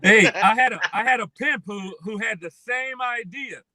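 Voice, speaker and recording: A man joking loudly as a comedian guest in a casual chat. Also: high-pitched, normal speed.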